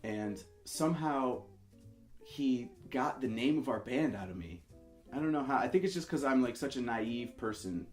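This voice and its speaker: A man's voice: mid-range voice, lively intonation, normal speed, a little mellow, echoey room, soft background music. A man in his twenties casually telling a story, rambling and correcting himself as he acts out the people in it. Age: 20s. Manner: rambling, self-correcting, acts out quoted voices.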